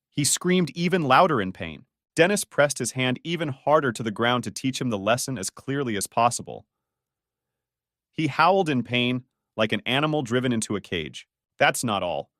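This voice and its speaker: A man's voice: mid-range voice, animated, normal speed, a bit bright, no echo, studio quality. A man narrating a story recap in a scripted, dramatic storytelling manner.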